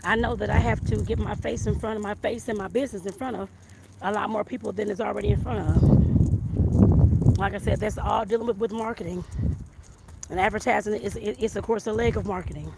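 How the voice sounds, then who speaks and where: A woman's voice: mid-range voice, steady tone, brisk, creaky. A woman talking casually while walking outdoors, a little out of breath, rambling and repeating herself as she vlogs about her home business. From southern Arizona. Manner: rambling, repeats "like I said" and "I guess I put it that way". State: slightly out of breath. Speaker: vlogger, home baker and life coach. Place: outdoors on a hot sunny street. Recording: loud street and wind noise.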